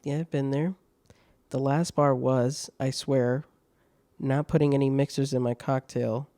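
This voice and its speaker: A man's voice: medium pitch, fairly even intonation, unhurried, mellow, dry recording. A man hosting a podcast, reading online stories aloud with laughing, swearing, mocking asides. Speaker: podcast host.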